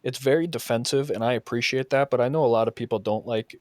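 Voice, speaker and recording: A man talks in a casual podcast chat, swearing freely and getting worked up as he tells a story. His voice sits at an ordinary pitch and is recorded close and dry, with no room sound. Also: fast, darkish tone, no echo. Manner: profane, heated storytelling. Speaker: podcast host and soccer coach.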